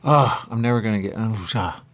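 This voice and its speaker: A man's voice: on the low side, moderate pace, fairly bright tone. A man hosting a radio show, rambling in a loose monologue full of repeated catchphrases and acted-out quotes. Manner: meandering, repeats catchphrases, acts out quoted voices.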